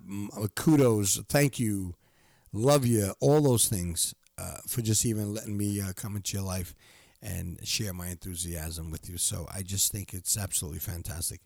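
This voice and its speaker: A man's voice: lowish voice, darkish tone, no echo, studio quality. A middle-aged man hosting his own podcast, talking in a rambling, heartfelt way with lots of fillers and restarts. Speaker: podcast host. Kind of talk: casual solo podcast monologue. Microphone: close studio microphone.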